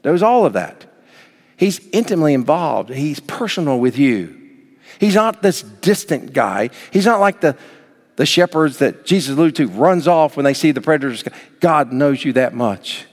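A man preaching a sermon as pastor, swinging from soft, low passages up to near shouts. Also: very animated, normal speed. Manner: dynamic preaching, rising to near shouts then dropping soft. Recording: long hall reverb.

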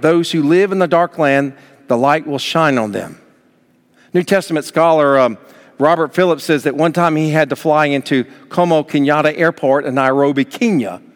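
A man preaching a sermon as pastor, emphatic, with sudden rises in pitch and loudness. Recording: long hall reverb.

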